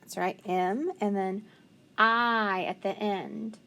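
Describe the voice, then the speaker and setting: Woman teacher, phonics lesson, very slow patient delivery, faint hiss behind. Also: mid-range voice, steady tone, pushed and bright. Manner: slow, patient, encouraging, sounding out letters.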